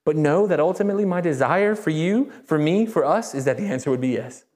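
A man preaching a sermon as a pastor, speaking conversationally and emphatically, with repeated phrases and animated rises. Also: on the high side, fairly quick. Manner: animated, rises sharply when excited. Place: church.

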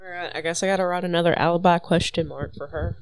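A woman's voice: fairly low pitch, fairly even intonation, quick pace, clean tone. A woman in her twenties chatting through a mystery game, wry and jokey. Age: 20s. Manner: jokey, wry, plays with silly voices. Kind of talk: casual group chat.

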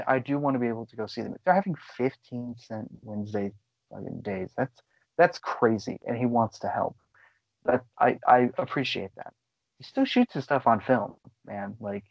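A man co-hosting a podcast, chatting casually about movies in a rambling, excitable way and swearing freely. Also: mid-range voice, vocal fry, dry recording, lo-fi sound. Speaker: podcast co-host. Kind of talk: casual chat.

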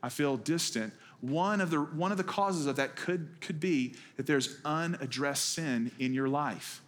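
A man's voice: a little high, unhurried. Pastor, male, easygoing sermon delivery, storytelling with light jokes. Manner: conversational storytelling with wry humor. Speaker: executive pastor. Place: church.

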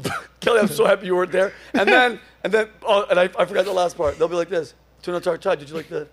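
Man, comedy podcast host, high voice, animated storytelling, swears, acts out voices. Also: fast, husky. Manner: swearing, acts out quoted voices, laughs often.

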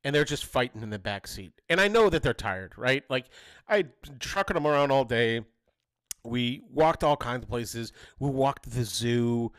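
A man in his thirties, a podcast co-host, telling a story in casual chat and jumping into high voices to quote his kids. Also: normal speed, smooth, no echo. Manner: animated, jumps to high voices when quoting his kids.

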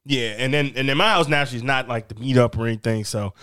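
A man casually telling a funny story on a podcast, animated and often laughing as he acts out what others said. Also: mid-range voice, rapid-fire, smooth, no room sound, studio quality. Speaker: podcast host.

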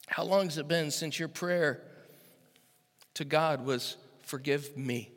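High, bright-voiced older pastor preaching. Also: male voice, slow pace. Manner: conversational storytelling that builds to loud, emphatic preaching. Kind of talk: sermon. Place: church sanctuary. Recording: echoey hall with long reverb.

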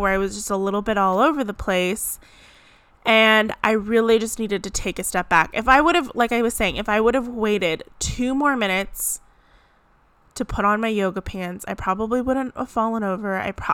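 A woman chats casually to her viewers in a bright, crisp voice. She rambles and corrects herself, scattering "like" through her talk. The sound is close and dry, with no room around it. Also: mid-range voice, no room sound. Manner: chatty, rambling, frequent "like" fillers. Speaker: vlogger. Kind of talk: casual chat to camera. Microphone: close mic.

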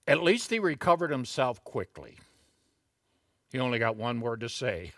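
A middle-aged man preaching a sermon, talking conversationally with asides and then rising into loud, emphatic bursts. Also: sing-song, no echo, clean studio sound. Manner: slow, deliberate delivery with sudden loud, high emphatic bursts. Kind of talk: expository sermon.

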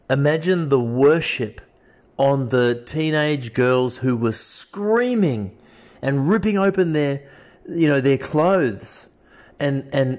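A man's voice: medium pitch, a little mellow. A man preaching a sermon, stacking up emphatic, repeated declarations. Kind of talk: fiery street-style sermon.

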